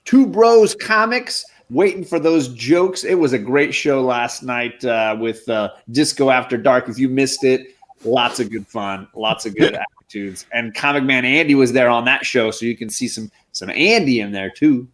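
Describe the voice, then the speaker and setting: A man's voice: mid-range voice, moderate pace, fairly bright tone. A man co-hosting a casual comic book live stream, upbeat and joking as he reads out names from the chat. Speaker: comic book show co-host.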